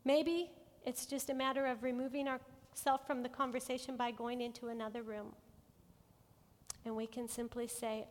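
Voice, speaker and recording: A woman teaching a Bible study to a women's group in an earnest, gentle way, often checking in with her listeners. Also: a little high, moderate pace. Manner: asks the audience frequent check-in questions. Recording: long hall reverb.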